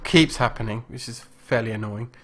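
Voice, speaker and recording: A man talks casually on a live game stream, rambling through his thoughts with plenty of pauses and restarts. His voice sits at an ordinary middle pitch. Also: a bit bright. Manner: rambling, lots of ums and restarts. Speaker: streamer hosting a live show.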